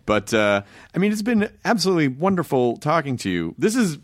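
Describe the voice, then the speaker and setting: A man hosting a podcast, chatting in an animated, jokey and effusive way with his guest. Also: fairly high pitch, brisk, no room sound, studio quality. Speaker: podcast host. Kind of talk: casual interview chat.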